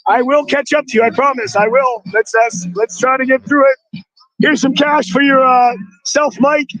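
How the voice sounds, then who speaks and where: A man live-streaming outdoors at a rally, excitably shouting thanks to donors with a strained voice. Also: very high-pitched, moderate pace, low-quality recording. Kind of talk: excited live-stream chatter reading donations.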